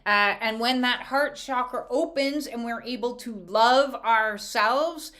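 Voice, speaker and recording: A woman doing a casual spiritual oracle card reading, animated, laughing often and using many filler sounds. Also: on the high side, takes it slowly.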